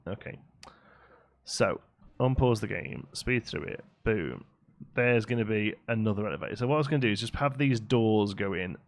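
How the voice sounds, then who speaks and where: Casual male streamer, lowish voice, talks through his building and chats with viewers. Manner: chatty, reads out chat and answers it. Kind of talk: casual live-stream commentary while building.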